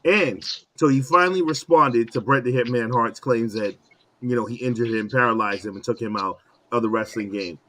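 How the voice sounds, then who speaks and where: A man's voice: medium pitch, moderate pace, a bit bright. A man hosting a podcast, steering the talk between topics in an easygoing way. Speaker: podcast host moderating. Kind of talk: casual chat.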